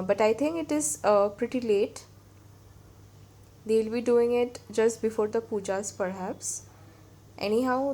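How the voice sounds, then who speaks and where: A woman's voice: on the high side, darkish tone. A woman food vlogger with an Indian English accent, narrating in a chatty, friendly way with frequent fillers. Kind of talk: casual vlog narration.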